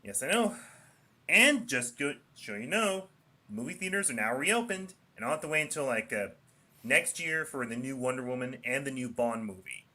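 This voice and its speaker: A man's voice: mid-range voice, lively intonation, moderate pace, bright, forceful tone. A man chatting casually on a podcast as a regular, rambling in plain statements with hesitant fillers. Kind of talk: casual chat.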